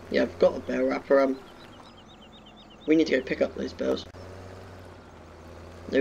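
Gravelly young gamer chatting. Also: male voice, medium pitch, a little mellow, highs cut off, slight background noise. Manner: chatty, talks to viewers while playing, self-mocking asides. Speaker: gaming YouTuber. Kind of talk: casual let's-play commentary. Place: home bedroom.

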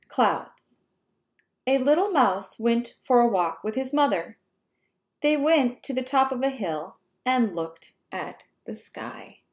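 A woman teacher reading a picture book aloud to young children in a slow, careful, friendly way. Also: a little high, expressive, a little mellow.

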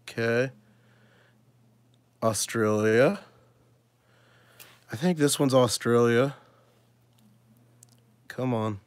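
A man of ordinary pitch talks casually to his viewers while he sorts through a pile of coins, thinking aloud and breaking into excited exclamations. His voice sits close and dry, with no room sound around it. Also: extremely slow, pauses often, smooth, no room sound. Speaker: coin collecting channel host. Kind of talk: casual live coin sorting chat.

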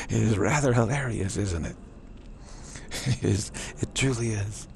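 A man's voice: fairly low pitch, gravelly, background noise. A man giving a playful, rambling spiritual teaching, laughing often as he talks.

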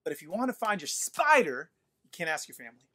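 Animated man preaching a story-filled sermon. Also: a little high, fast talker. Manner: animated, playful, addresses audience directly. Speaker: pastor. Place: livestream during quarantine.

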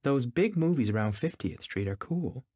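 A man's voice: mid-range voice, lively intonation, normal speed, warm tone, slightly rough, no room sound, clean studio sound, pitched above the performer's own voice. A man voicing a cool, languid young woman who talks in an offhand drawl.

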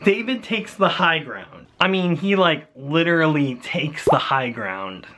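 A young man giving a playful Bible lesson for children, animated and jokey, talking straight to the kids. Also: on the high side, unhurried.

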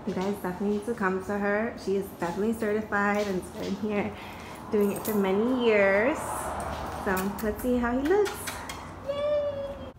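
A woman's voice: mid-range voice, fairly even intonation, a little fast, background noise. A woman chatting casually to camera in a vlog, gushing over her dog, recorded on a phone in a car and outside. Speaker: vlogger. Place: in a car and outdoors.

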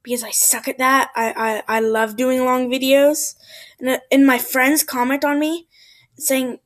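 Woman, let's play commentator: excitable, high and slightly husky, prone to whispered asides. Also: measured pace. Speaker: gameplay commentator.

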